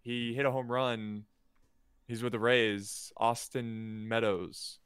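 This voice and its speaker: Smooth-voiced man chatting casually. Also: medium pitch, flat delivery, takes it slowly, fairly bright tone, no room sound, studio quality. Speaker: podcast guest, YouTuber. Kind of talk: casual chat.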